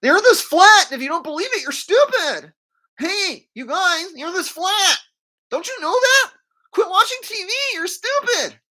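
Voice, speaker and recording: A man mimicking a whiny young man who yells taunts at strangers in a shrill, sneering voice. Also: big pitch swings, normal speed, full character voice. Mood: taunting.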